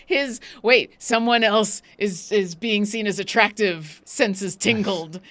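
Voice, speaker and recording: A woman chatting as a player at a tabletop game, her voice bright and forward. She thinks out loud in broken phrases and chimes in casually with the others. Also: medium pitch, slow pace, a little hiss or hum.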